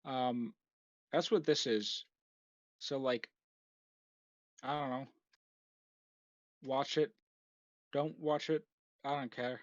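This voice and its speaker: A man's voice: medium pitch, steady tone, takes it slowly, pauses often, no echo. A tired young man rambling and swearing in a late-night solo monologue, with a dull lo-fi recording. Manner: swearing, rambling, many restarts and fillers. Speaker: vlogger. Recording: dull lo-fi dry home recording.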